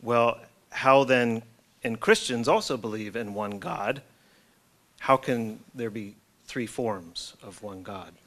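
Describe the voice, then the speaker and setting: A man's voice: mid-range voice, expressive, slow, fairly bright tone. A man moderating a public dialogue, asking questions politely with frequent hesitations and filler sounds. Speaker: forum moderator.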